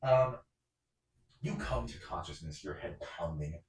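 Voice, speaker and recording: A deep-voiced man running a tabletop game, narrating scenes with lots of fillers and restarts. The room has a roomy echo. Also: animated, a little slow, darkish tone. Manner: rambling, filler-heavy. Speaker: game master.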